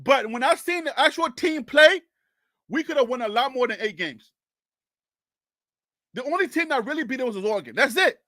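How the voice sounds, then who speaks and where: A man with a Liberian English accent argues on a live stream in a high, sharp voice. He is animated and exasperated and keeps repeating his questions. The sound is dry and close. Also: moderate pace, long pauses, no echo. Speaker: sports talk live-streamer. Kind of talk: live stream, answering chat comments.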